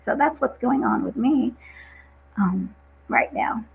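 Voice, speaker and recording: A woman speaking as an interview guest about her coaching work, earnest and motivational, stressing phrases slowly. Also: fairly high pitch, expressive, vocal fry, phone-quality sound, a little hiss or hum. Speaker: guest, vegan empowerment coach.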